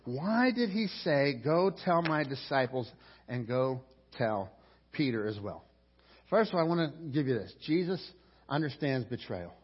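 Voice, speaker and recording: A man preaching a sermon as pastor, animated, acting out quotes and asides. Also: medium pitch, measured pace, husky. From Pittsburgh. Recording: dull recording in a reverberant hall.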